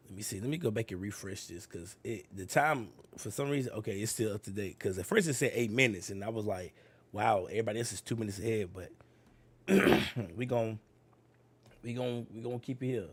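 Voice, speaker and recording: A sick, congested man with a raspy voice, chatting casually with viewers while he waits for a live event to start. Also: on the low side, fairly quick. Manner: slangy, talks to viewers as y'all. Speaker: streamer reacting to a live event. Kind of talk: casual live-stream chat.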